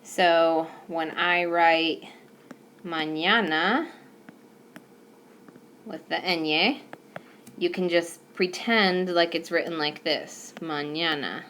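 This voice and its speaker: A woman's voice: lowish voice, very slow, long pauses, a bit bright, a little hiss or hum. A woman teacher explaining a recorded whiteboard lesson patiently, with some fillers. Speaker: Spanish teacher. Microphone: tablet microphone.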